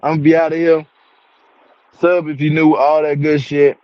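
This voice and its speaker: A higher-pitched young man rants to his viewers in heavy slang, hammering the same points again and again. He is getting angry as he talks. The sound is dull and lo-fi, with a dry, close feel and no room echo. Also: flat delivery, moderate pace. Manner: emphatic, slangy, repeats himself, addresses viewers as y'all. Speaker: reality TV commentary vlogger. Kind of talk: casual commentary rant. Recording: dull, dry, lo-fi home recording.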